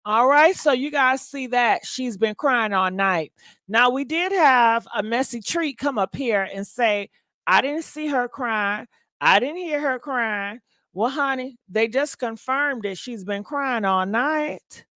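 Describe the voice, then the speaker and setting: Livestream gossip host, woman, higher voice, dry close sound, chatty and reads comments aloud. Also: expressive, slow pace, pushed and bright, no room sound. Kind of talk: casual livestream chat.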